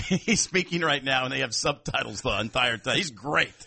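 A man's voice: mid-range voice, animated, moderate pace, creaky, bright, forceful tone, husky. A man co-hosting a casual sports talk show, joking and laughing often. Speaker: sports radio co-host.

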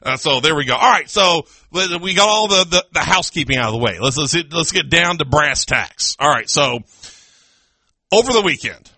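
A man's voice: on the high side, normal speed, vocal fry, breathy edge, no room sound. A man hosting a casual sports radio talk show in a studio, ranting with mock indignation. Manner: excitable, mock-indignant rants. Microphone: studio microphone with headphones.

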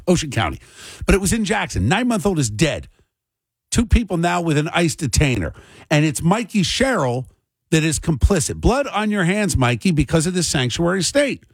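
A man's voice: a little high, big pitch swings, moderate pace, husky, no room sound. A man hosting a political commentary monologue, agitated and fired up, ranting with heavy emphasis. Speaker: show host and commentator.

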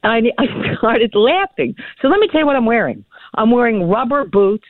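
A woman's voice: a little high, lively intonation, moderate pace, no room sound. A woman from New Hampshire calling in as a political guest. She tells long, digressive stories, laughs often and repeats words as she starts her sentences. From New Hampshire, USA. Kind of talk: chatty storytelling and political commentary. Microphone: telephone. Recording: tinny phone line, dry.

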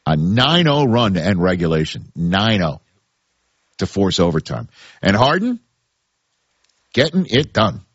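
A man's voice: sits low, sing-song, a little slow, pauses often, fairly bright tone, breathy edge, dry recording, dull audio. A man with a New York accent hosting sports talk radio, emphatic and repeating his points for stress.

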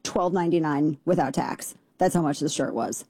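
A woman's voice: sits low, normal speed, mellow, husky, dry recording. A woman hosting a radio talk show, sassy and sarcastic, rattling off opinions with slang in a studio.

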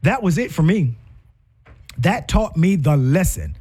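A man's voice: fairly high pitch, lively intonation, measured pace, mellow, husky. A middle-aged man hosting a talk show, speaking with fervent, preachy passion and firing off rhetorical questions. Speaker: host. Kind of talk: impassioned commentary.

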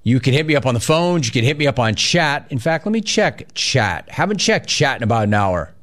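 A man hosting a sports talk radio show, reading listener chat aloud in energetic, quick bursts. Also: medium pitch.

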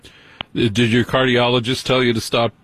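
A man hosting a late-night call-in radio show, chatty and teasing, quick to jump in. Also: medium pitch, level tone, a bit bright. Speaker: radio host.

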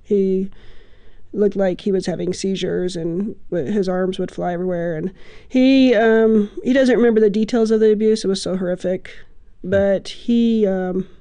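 Woman interview guest, warm mellow tone, earnest and halting. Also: mid-range voice, steady tone. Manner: hesitant, many ums, earnest. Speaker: guest, adoptive parent. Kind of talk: personal interview storytelling.

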